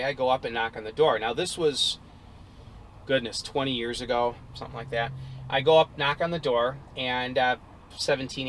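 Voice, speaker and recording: Middle-aged repair guy chatting stories from his car, animated, lots of uhs, road noise. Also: medium pitch, low-quality recording. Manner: animated, lots of fillers and restarts. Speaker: appliance repair technician. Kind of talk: casual storytelling.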